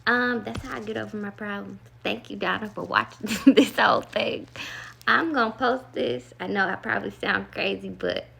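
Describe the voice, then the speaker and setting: A woman's voice: mid-range voice, normal speed, creaky, bright, forceful tone. A woman vlogger telling a rambling, earnest story about meditation and love, full of "like" and asides. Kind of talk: casual storytelling to camera.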